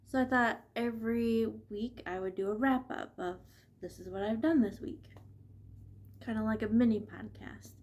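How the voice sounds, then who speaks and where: A woman vlogging casually about her knitting, chatty and laughing often, with a stuffy nose from allergies. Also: on the high side. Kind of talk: casual chat.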